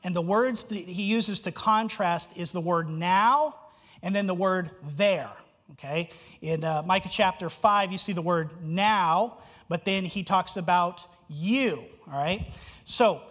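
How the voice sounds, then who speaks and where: A man's voice: high-pitched, unhurried, a bit bright, highs cut off. Preacher man in an echoey hall. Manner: emphatic, repeats phrases, asks listeners questions. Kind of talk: expository sermon.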